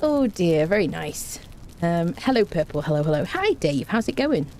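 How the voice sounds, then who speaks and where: A woman's voice: fairly low pitch, very animated, moderate pace, a little mellow, slight background noise. A woman chatting casually on a game live stream, rambling and thanking viewers by name.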